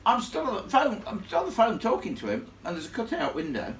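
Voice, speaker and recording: Animated man telling ghost tales. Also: sits high, fast, a little hiss or hum. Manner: animated, chatty, laughs with the crowd. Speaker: storyteller. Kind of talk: live ghost story telling to an audience. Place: room with a live audience. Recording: echoey room, from far off.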